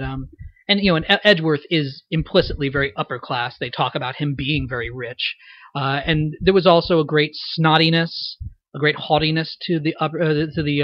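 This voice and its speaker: This man, a voice actor, speaks a little high in a muffled recording with no echo. His commentary on his roles is thoughtful, explanatory and self-reflective.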